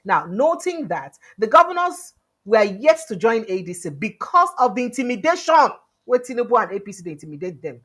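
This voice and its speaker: A Nigerian woman hosting a news vlog, commenting on politics in pidgin and English with animated quoting. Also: fairly high pitch, fairly quick, husky. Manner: animated, switches between pidgin and English, quotes people in lively voices. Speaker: news vlogger host. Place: indoors, livestream studio.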